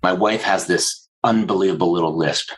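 A man's voice: low-pitched, normal speed, husky, poor audio. A man in his forties, a guest on a podcast, chatting with enthusiasm and acting out what people said. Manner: enthusiastic storyteller, acting out quotes. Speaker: agency owner, guest. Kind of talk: interview conversation.

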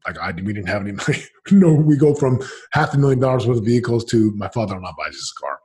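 A man's voice: fairly low pitch, lively intonation, fast, dark tone, husky. A man in his forties, a podcast guest telling his story candidly in an emphatic, casual, slangy way.

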